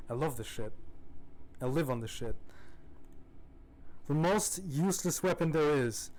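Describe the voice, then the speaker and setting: A man's voice: fairly high pitch, animated, unhurried, long pauses, a little mellow. A young man casually commenting on his gameplay, laid-back and swearing freely, laughing now and then. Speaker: streamer.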